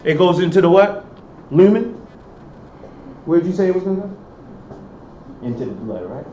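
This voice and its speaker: A man's voice: sits high, very animated, moderate pace, dark tone. A male professor giving a classroom lecture, quizzing students and answering his own questions. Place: lecture hall. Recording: echoey lecture hall, dull sound, faint hiss.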